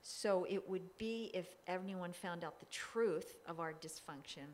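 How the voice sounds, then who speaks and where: A woman's voice: on the low side, unhurried, slight background noise. Emphatic woman with faint background ambience. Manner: emphatic, forceful, acts out her own demands. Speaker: hypnotherapist. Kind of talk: casual interview talk.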